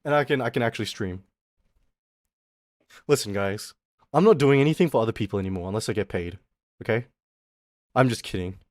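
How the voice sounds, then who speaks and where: A man's voice: on the low side, a little fast, long pauses, no echo, clean studio sound. A man chatting casually on a live stream, rambling playfully and talking to his chat.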